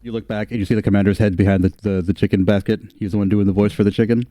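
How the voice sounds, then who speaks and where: A man narrates a tabletop role-playing session as the game master, with a relaxed, casual manner and the odd swear word. His voice sits fairly low, and the recording is dry and close. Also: very fast, no echo. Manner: laid-back, laughs often, swears casually.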